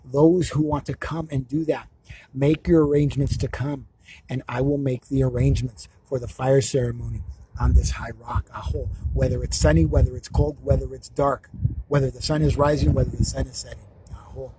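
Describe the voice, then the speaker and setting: A man giving a slow, repetitive, chant-like spiritual monologue to camera, with an emotional way of talking. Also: medium pitch, level tone, dark tone, a little hiss or hum, rough recording. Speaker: spiritual healer. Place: outdoors.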